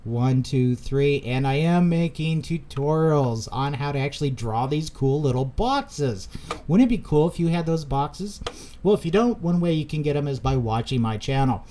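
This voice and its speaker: A fairly high-voiced man talks loosely over a price chart, correcting himself as he goes and turning to his viewers now and then. Keys click in the background while he works. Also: animated, normal speed, mellow, a little hiss or hum. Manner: rambling, self-correcting, chatty asides to viewers; pumped-up bursts addressing viewers. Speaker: crypto chart vlogger. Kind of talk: casual screen-share chart commentary.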